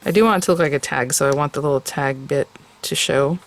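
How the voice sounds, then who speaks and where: A woman with a low-pitched voice talks quickly as she hosts a casual, step-by-step craft tutorial. She's chatty and enthusiastic, speaking straight to her viewers.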